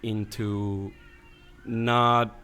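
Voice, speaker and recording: A man with a fairly low voice speaks in a measured, agreeable way, often affirming his partner. He co-hosts a casual philosophical podcast, recorded outdoors. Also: level tone, pushed and bright, clear, resonant tone. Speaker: podcast co-host. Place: outdoors near a playground.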